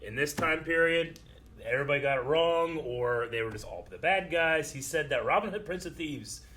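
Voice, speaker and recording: A man's voice: on the high side, moderate pace, pushed and bright. A young man in a casual movie discussion, chatty and retelling behind-the-scenes trivia. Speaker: show co-host, movie reactor.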